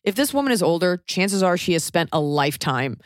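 A woman in her thirties chats on a podcast, blunt and wry, slipping into little acted-out voices when she quotes people. Her voice sits a bit low, and the sound is dry and close. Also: sing-song, a little fast, no echo. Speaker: podcast co-host. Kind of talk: casual chat.

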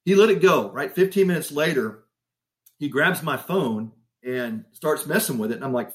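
A middle-aged man telling a personal story in an interview, animated and laughing often. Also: on the high side, brisk. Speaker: guest.

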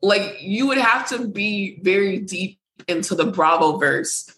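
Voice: mid-range voice, expressive, a little slow, sharp tone, rough recording. A podcast co-host in a casual, gossipy chat about reality TV, swearing freely and filling with "like.".

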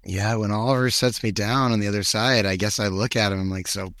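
Offhand, lowish male player. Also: steady tone, brisk, a bit bright, no room sound, studio quality. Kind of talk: casual tabletop play.

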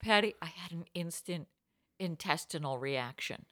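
A young adult woman, a comedian and podcast host, telling a story in a breathless, laughing, animated way. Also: lowish voice, normal speed, no room sound, clean studio sound. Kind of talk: casual storytelling chat.

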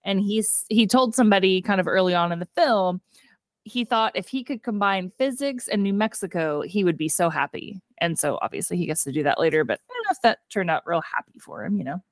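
A woman's voice: mid-range voice, animated, brisk, no room sound, clean studio sound. A woman co-hosting a casual movie review podcast. She retells scenes chattily, acts out the characters' lines, and laughs often. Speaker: podcast co-host.

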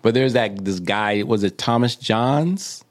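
Lower-voiced man giving casual pep talk. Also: unhurried. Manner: animated, joking, motivational. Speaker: podcast co-host. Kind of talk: casual podcast chat.

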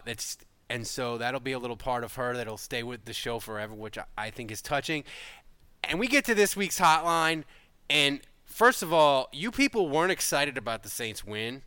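A man's voice: mid-range voice, bright, forceful tone, smooth, no echo. A man hosting a casual podcast, emotional and rambling, often restarting his sentences. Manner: emotional, rambling, self-interrupting. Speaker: podcast host.

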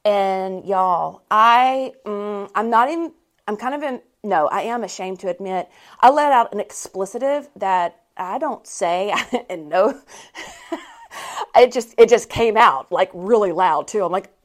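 A woman hosting a podcast, telling a story in a chatty, animated way. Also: medium pitch, unhurried. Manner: chatty and animated, with frequent laughs. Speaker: podcast host. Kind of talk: casual storytelling monologue.

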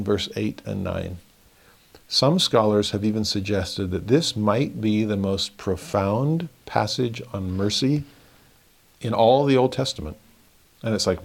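A middle-aged man giving an earnest scripture commentary, reading verses slowly and telling a family story. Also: on the low side. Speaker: scripture teacher.

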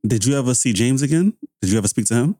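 A man's voice: mid-range voice, lively intonation, rapid-fire, mellow. A man interviewing a guest in casual chat. He reacts with short questions and interjections.

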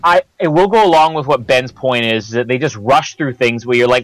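A man's voice: medium pitch, fairly quick, hardly any pauses, dry recording, rough recording. A man hosting a casual podcast, asking lots of questions and laughing often. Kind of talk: casual film discussion.

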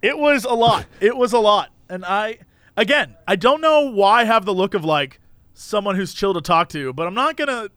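A man with a high, very lively voice, recorded dry and close. He tells a story with energy and acts out the voices of the people in it. His tone is bright and sharp. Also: moderate pace, dry recording. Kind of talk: casual chat, storytelling.

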